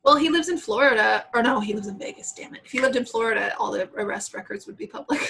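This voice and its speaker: A woman's voice: fairly high pitch, fast, creaky, husky, poor audio. A woman in her thirties co-hosting a podcast in casual chat, laughing often and acting out what people said. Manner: chatty, laughs often, quotes people in animated voices. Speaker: podcast co-host.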